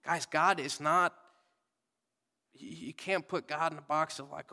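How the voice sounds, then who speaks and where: Casual young preacher in an echoing church. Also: male voice, on the high side, steady tone, measured pace, vocal fry. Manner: casual, conversational preaching with sudden loud readings and soft whispered asides. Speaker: pastor. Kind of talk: sermon. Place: church sanctuary.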